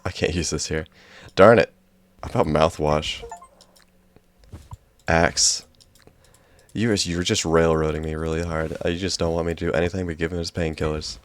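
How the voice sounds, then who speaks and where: A man's voice: a bass voice, flat delivery, quick pace, hardly any pauses. A man commenting wryly on a game as he plays it and reads its dialogue aloud. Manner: wry, joking asides. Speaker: gaming YouTuber. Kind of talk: let's-play commentary, reading dialogue aloud.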